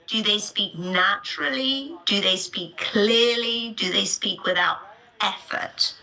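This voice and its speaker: A woman leads a live online lesson, speaking slowly and deliberately. Her voice has a bright, crisp edge, and she spells out each point plainly for her students. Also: mid-range voice, poor audio. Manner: clear, deliberate explanatory delivery. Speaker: teacher. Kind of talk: live online teaching webinar.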